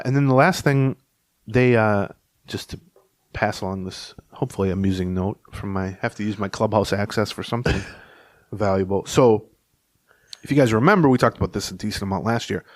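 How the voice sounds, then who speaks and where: A man's voice: on the low side, dry recording. A man co-hosting a casual sports podcast, telling long anecdotes in a rambling, storytelling way. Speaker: podcast co-host and beat reporter.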